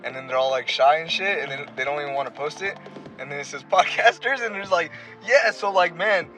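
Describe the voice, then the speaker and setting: A man's voice: a little high, fast, faint music behind, low-quality recording. A man co-hosting a podcast in casual chat, telling stories animatedly and swearing casually. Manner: animated storyteller, laughs easily, swears casually. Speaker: podcast co-host.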